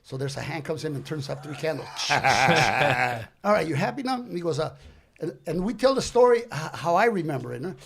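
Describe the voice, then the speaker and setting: An older man tells a comic story in a high, gravelly voice. He acts out each character as he goes and sprinkles Spanish slang through the telling, in the easy flow of a podcast guest. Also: lively intonation, fast talker. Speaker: guest comedian.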